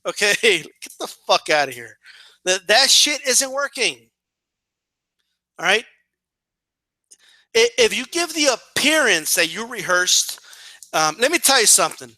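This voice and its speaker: A man's voice: sits high, big pitch swings, measured pace, pauses often, sharp tone, no room sound. A man giving profane, emphatic political commentary in a casual rant, full of fillers and "right?" tags.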